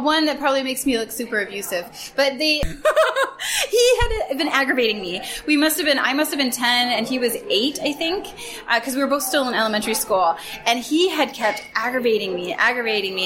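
A woman recalls family stories in an easygoing, animated way, often breaking into laughter. Her voice sits a little high and stays chatty. She speaks as an interviewee in a casual sit-down conversation. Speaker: interviewee, cousin. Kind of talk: casual storytelling. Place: Tacoma, Washington area.

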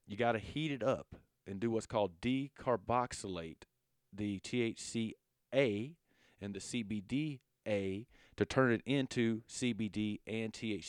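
A man with a Southern accent giving a casual lesson, relaxed and full of fillers, stumbling over long chemical names. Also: fairly low pitch, no echo, studio quality. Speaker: educator.

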